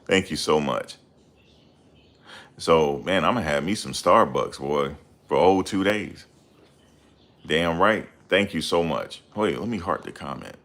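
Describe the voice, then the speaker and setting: A man hosting a casual livestream, reading viewer comments and ranting heatedly with loud outbursts and repeated phrases. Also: sits low, unhurried, long pauses. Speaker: livestream host.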